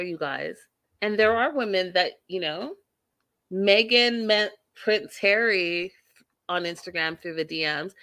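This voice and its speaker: A woman's voice: mid-range voice, a bit bright, no room sound. A woman recapping a reality show in a casual vlog, blunt and opinionated, swearing freely.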